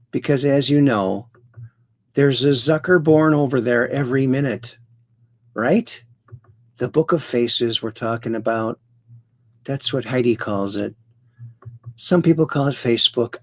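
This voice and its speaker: A man's voice: medium pitch, dry recording. A man hosting a casual livestream, rambling playfully, greeting chat viewers by name and making puns. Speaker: livestream host.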